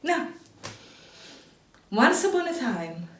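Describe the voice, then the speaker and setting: A woman telling a children's story in an animated, expressive way. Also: on the high side, measured pace. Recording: echoey room, distant mic.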